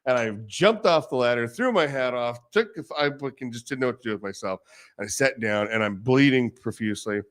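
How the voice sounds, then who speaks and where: A man's voice: medium pitch, fairly quick. A man hosting a podcast, swearing a lot and laughing through his stories in casual chat. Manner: profane, loud storytelling with frequent laughter. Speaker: podcast host.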